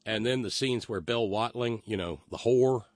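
A man's voice: mid-range voice, moderate pace, no room sound. A man hosting a casual monologue, opinionated and rambling, with stammering restarts as he reacts to chat messages. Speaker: live stream host reading chat.

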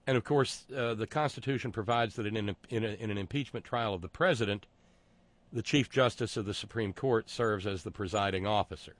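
A man's voice: lowish voice, a little fast. A man talking through a casual monologue, sarcastic and digressive, often stopping to restart his sentences.

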